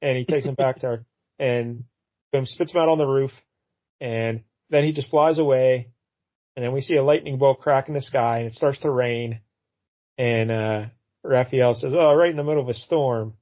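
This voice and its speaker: A man's voice: mid-range voice, steady tone, moderate pace, highs cut off. A man co-hosting a podcast, casually retelling a comic book's story with many fillers and acted-out lines. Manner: rambling, retells the plot and acts out characters' lines. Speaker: podcast co-host. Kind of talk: casual comic book review chat.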